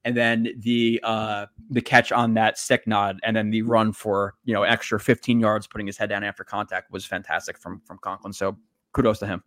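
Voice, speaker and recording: A man's voice: fairly low pitch, level tone, fairly bright tone. A man co-hosting a sports podcast in casual chat, rambling and blunt, with the odd curse. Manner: rambling, quick, blunt and profane. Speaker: podcast co-host. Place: livestreamed podcast reading chat.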